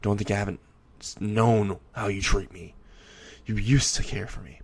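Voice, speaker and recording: A man's voice: fairly low pitch, steady tone, moderate pace, husky. A man voicing an enraged, bitter teenage boy who swears and seethes at those who wronged him. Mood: furious. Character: furious bullied teenage boy hero.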